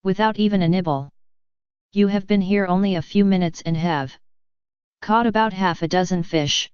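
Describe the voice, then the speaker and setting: A woman's voice: mid-range voice, moderate pace, a little mellow, smooth, no echo, lo-fi sound, close to an everyday voice. A woman reading as a fed-up old fisherman. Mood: exasperated. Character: old man ice fishing, frustrated.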